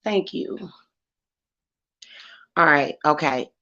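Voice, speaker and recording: A woman's voice: deep voice, drawn-out words, bright, forceful tone, lo-fi sound. A woman tarot reader talking bluntly and casually on a livestream. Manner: blunt and chatty.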